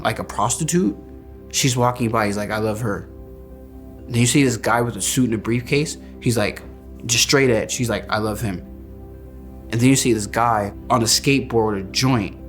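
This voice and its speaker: A man recounting a personal experience in a plain, matter-of-fact way. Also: mid-range voice. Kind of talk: personal story clip. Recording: faint music behind.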